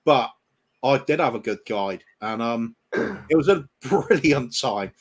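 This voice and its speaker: A man's voice: mid-range voice, big pitch swings, a little slow, breathy edge. A man co-hosting a podcast in casual chat, hesitant, with frequent ums and restarts. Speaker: podcast co-host.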